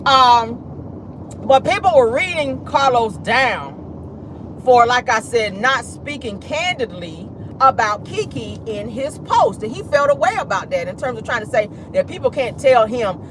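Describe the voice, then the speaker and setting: A woman's voice: a little high, expressive, unhurried, a little hiss or hum. A woman hosting a celebrity gossip commentary show, blunt, sassy and profane, calling listeners "child" and "baby".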